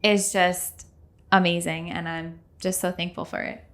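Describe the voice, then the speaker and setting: A woman's voice: fairly low pitch, flat delivery, a little slow, a bit bright. A woman hosting a faith podcast, upbeat and thankful as she chats and signs off listeners. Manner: upbeat, thankful, wraps up the show. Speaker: podcast host. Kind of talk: casual chat.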